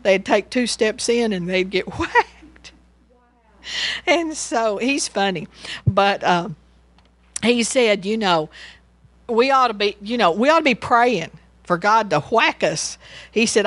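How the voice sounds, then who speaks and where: A woman's voice: medium pitch, animated, slow, pauses often, no echo. A woman giving a casual Bible teaching, rambling and chatty, and she laughs as she tells stories.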